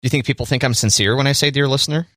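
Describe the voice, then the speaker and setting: A man's voice: medium pitch, rapid-fire, a bit bright, no echo. Male podcast co-host, mid-range voice, joking and chatty, dry studio sound. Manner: playful, addresses listeners directly. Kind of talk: casual chat. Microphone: studio microphone.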